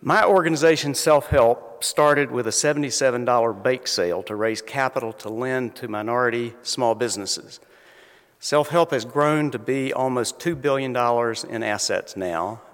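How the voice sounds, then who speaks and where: A man with a Southern North Carolina accent, telling humorous stories in a slow, drawling talk. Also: medium pitch. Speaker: invited speaker. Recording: long reverb of a lecture hall.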